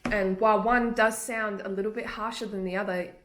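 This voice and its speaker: A chatty young woman, a native English speaker, talks through a casual tutorial at a middle pitch. She laughs easily as she explains. The room around her rings with a noticeable echo. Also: steady tone, fairly quick, a bit bright. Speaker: language tips vlogger. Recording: echoey room.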